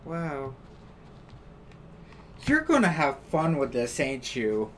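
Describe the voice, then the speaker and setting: A woman's voice: deep voice, very animated, slow, a little hiss or hum. An American woman streamer chatting casually, telling stories with quoted back-and-forth. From United States. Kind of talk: casual chat on a live stream.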